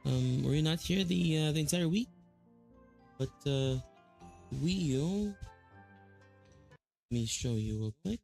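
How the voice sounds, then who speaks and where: A man's voice: a little high, expressive, slow pace, gravelly, long pauses, darkish tone, soft background music. A man with a Filipino accent chatting casually on a live stream, rambling with lots of fillers and restarts.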